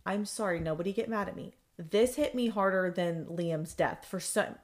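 A woman's voice: lowish voice, moderate pace. Female co-host, casual book-club chat, emotional and gushy. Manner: emotional, gushing, chatty. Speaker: podcast co-host.

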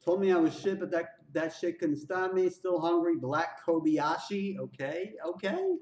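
Excitable man reacting to music. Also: a little high, normal speed, echoey room, far from the mic. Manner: excitable, repeats lines back, exclaims and laughs. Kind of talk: casual reaction commentary.

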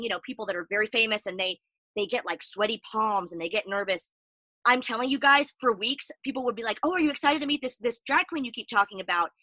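Bright-voiced woman co-hosting a chat show. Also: a little high, no echo, poor audio. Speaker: co-host. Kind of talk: casual chat.

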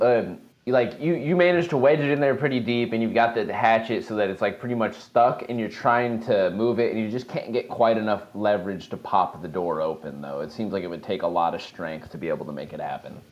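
A man running a tabletop game as game master, narrating in an easygoing, halting way. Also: on the low side, darkish tone, lo-fi sound. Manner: easygoing, hesitant narration with fillers.

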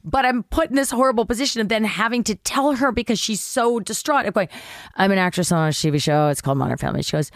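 A middle-aged actress, guesting on a podcast, tells a casual anecdote at a fast clip, animatedly acting out the voices of the people involved and swearing here and there. Her voice is mid-range, and the recording is dry and studio quality.

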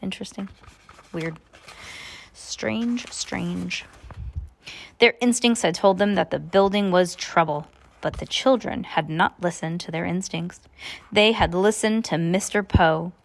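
A woman's voice: on the low side, normal speed, creaky. A woman, a parent, reading a book aloud to her child in plain narration with small stumbles and self-corrections.

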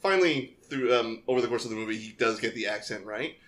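A man's voice: medium pitch, fast. Laid-back man chatting on a podcast. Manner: animated retelling of movie scenes with laughter. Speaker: podcast co-host. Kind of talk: casual chat.

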